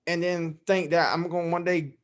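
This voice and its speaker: A man being interviewed as a fellow podcast host, telling stories in a rambling, animated way. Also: on the high side, moderate pace, smooth. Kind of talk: casual interview storytelling.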